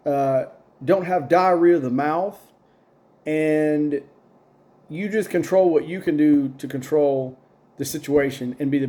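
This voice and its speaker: A man's voice: a little high, dark tone. Opinionated man hosting a sports talk show. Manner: rambling, opinionated, with many fillers. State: yawning, a bit tired. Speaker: sports podcast host. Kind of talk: casual solo sports commentary.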